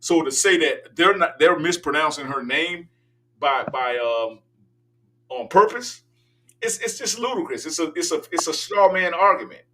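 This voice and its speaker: A man's voice: fairly high pitch, expressive, normal speed, pushed and bright, recorded from a distance, slight background noise. An older man hosting a political talk show, delivering an emphatic, preachy opinion monologue.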